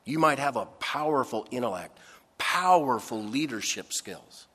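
A man preaching a sermon, slow and emphatic, swinging between loud stressed phrases and soft, low asides. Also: animated, husky, big-room sound. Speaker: pastor.

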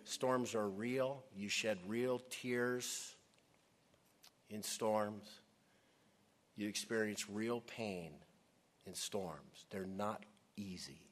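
A male pastor preaching a sermon, emphatic, with dramatic pauses, sometimes dropping to a hush. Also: lowish voice.

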